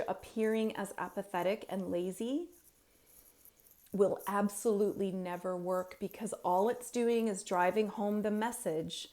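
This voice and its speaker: A woman gives heartfelt advice to parents of teenagers. She talks slowly, in an earnest, pleading tone with emphatic pauses, at a middling pitch. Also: a little mellow. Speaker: parenting coach.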